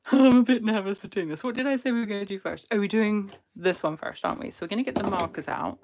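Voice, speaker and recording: A woman's voice: mid-range voice, quick pace, darkish tone. A woman hosting a casual drawing livestream, chatty and self-deprecating, talking close to a phone camera. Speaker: art channel host. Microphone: phone held close as camera.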